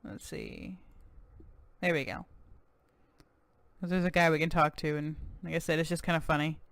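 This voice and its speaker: A let's-play host giving casual, chatty commentary with quick self-deprecating asides. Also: medium pitch, fairly even intonation, vocal fry, a bit bright, no echo.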